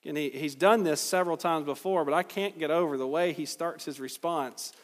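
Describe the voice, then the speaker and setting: A man's voice: fairly high pitch, fairly quick, big-room sound. A man preaching a sermon as pastor, talking in a loose conversational way with sarcastic asides.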